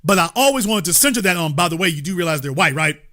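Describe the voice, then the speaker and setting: Bright-voiced, emphatic male commentator. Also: high voice, animated, quick pace. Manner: emphatic, repeats key points, lectures the audience directly. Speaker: political commentary host. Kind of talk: political commentary monologue.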